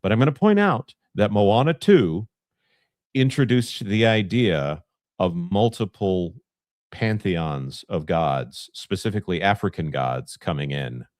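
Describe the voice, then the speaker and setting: A man's voice: sits low, animated, unhurried, darkish tone, no echo, studio quality. A man co-hosting a casual live stream, rambling and joking between bits. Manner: joking, rambling, slips into impressions. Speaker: co-host.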